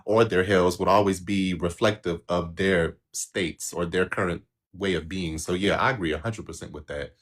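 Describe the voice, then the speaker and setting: A man with a lowish voice chats casually on a live stream, co-hosting a spiritual reading session. He sounds agreeable and reflective, wandering through his thoughts with small restarts. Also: fairly even intonation, moderate pace, hardly any pauses.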